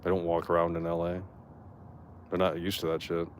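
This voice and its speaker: A young man talks to his stream chat in a rambling, indignant rant. His voice sits a bit low, and the words come loose and profane, full of restarts. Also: monotone, brisk, slight background noise.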